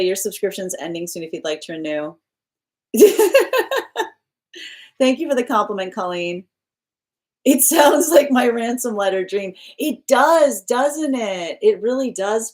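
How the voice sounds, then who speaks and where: Woman, live-stream tarot host at home; casual, chatty, quick to laugh. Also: medium pitch, darkish tone. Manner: chatty and loose, laughs often, restarts sentences. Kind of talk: casual live-stream chat, reading viewer comments. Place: at home with her pet nearby.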